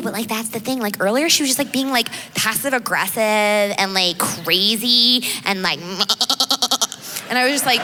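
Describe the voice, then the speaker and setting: A young woman doing a stand-up comedy set, rambling with lots of "like" in a crude, sardonic way. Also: on the high side. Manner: rambling, valley-girl filler "like", crude and sardonic. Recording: reverberant live venue with background noise.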